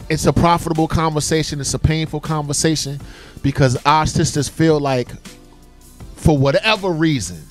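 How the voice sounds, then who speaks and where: Man, 40s, talk radio co-host, higher-pitched voice, impassioned, soft music behind. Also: normal speed. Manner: impassioned, emphatic. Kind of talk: casual talk radio chat.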